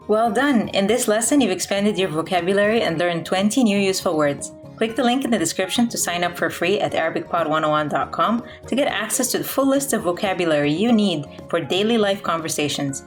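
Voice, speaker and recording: A woman's voice: mid-range voice, animated, fairly quick, hardly any pauses, faint music behind. A woman narrating a scripted vocabulary lesson in an upbeat, promotional way.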